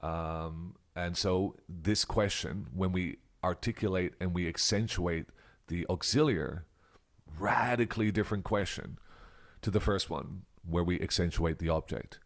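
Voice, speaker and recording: A low-pitched Australian man talks through an English grammar point in a thoughtful, musing way. He leans into key words and sometimes sinks to a hushed whisper to show an example question. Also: expressive, measured pace, creaky, long pauses. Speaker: English teacher. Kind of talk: reflective grammar lesson.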